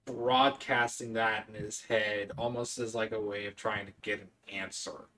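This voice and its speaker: Bright-toned man playing a tabletop game. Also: medium pitch. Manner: rambling, describing his character's thoughts. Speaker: player. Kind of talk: casual tabletop play.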